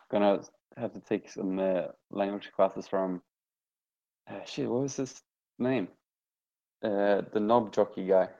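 Low gravelly dude on a podcast, swears a ton, mic sounds kinda dull. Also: male voice, slow pace, pauses often. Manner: relaxed, swears a lot, fillers like "like" and "uh". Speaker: podcast co-host. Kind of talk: casual hobby podcast chat.

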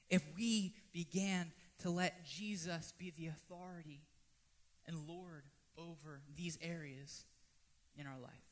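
A man preaching a sermon, swinging from loud pleading to hushed, almost whispered lines. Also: high-pitched. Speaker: pastor.

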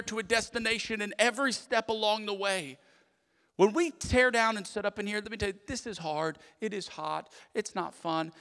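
A man preaches to his congregation, his voice bright and somewhat high. He talks in a lively, conversational way, throwing in quick "okay?" asides. The sound carries a long reverb from a large hall. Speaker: pastor. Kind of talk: sermon.

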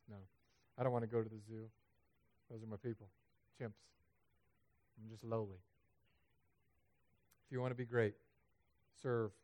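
A man preaching a sermon as pastor, animated and humorous, building to loud, emphatic peaks. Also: medium pitch. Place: church sanctuary.

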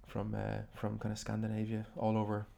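Man discussing folklore, quick and thoughtful, low dark gravelly voice. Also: monotone. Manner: thoughtful, talks quickly with hesitations. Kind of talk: academic conversation.

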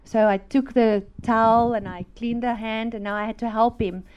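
A middle-aged woman, telling a fervent church testimony in an animated, storytelling way. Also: a little high, moderate pace, clean tone, highs cut off. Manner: animated storytelling, laughing, acting out voices; fervent, preaching. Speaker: speaker giving a testimony.

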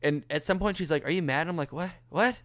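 A man co-hosting a podcast, telling stories in an animated way and swearing freely in casual chat. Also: a little high, fast, no echo, studio quality. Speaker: podcast co-host.

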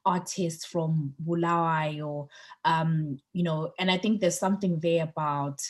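A woman co-hosting a podcast in casual chat, chatty and getting excited on politics, with lots of fillers and restarts. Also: deep voice, unhurried. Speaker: podcast co-host.

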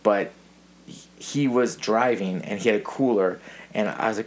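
In a casual podcast conversation, the thirty-something host speaks at normal speed in a lowish voice. He's an animated storyteller who breaks into laughter often.

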